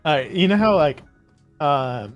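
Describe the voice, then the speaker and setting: A man's voice: fairly high pitch, animated, a little slow, muffled recording, soft background music. A man on a gaming stream telling a fun fact, with many hesitant fillers. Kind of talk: casual stream chat.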